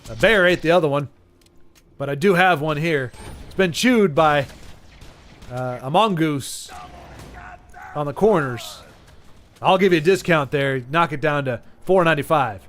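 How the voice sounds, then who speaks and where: A man voicing a folksy small-town store owner with a put-on Southern drawl, talking slowly. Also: fairly high pitch, fairly bright tone. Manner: slow, drawling delivery.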